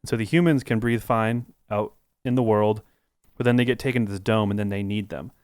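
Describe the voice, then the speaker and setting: A man's voice: fairly low pitch, brisk, darkish tone, clear, resonant tone, no room sound, clean studio sound. A man co-hosting a casual podcast chat, talking in a rambling way with lots of "like"s and restarts. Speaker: podcast co-host.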